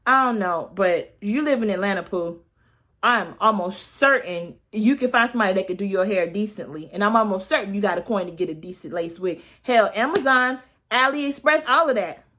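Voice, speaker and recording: A woman in her thirties giving a casual, sassy recap of a reality show, chatty and full of slang and quick asides. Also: mid-range voice, animated, pushed and bright. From United States. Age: 30s.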